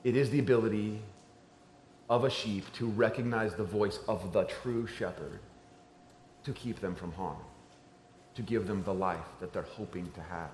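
A man preaching a sermon to a church crowd, talking like a conversation and moving between hushed and emphatic passages. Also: on the low side, moderate pace, pauses often, slight background noise. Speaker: pastor. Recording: roomy church echo.

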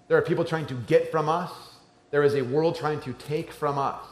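Man preaching in a roomy church. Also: on the high side. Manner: conversational preaching, swinging between hushed and emphatic. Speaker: pastor. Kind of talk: sermon.

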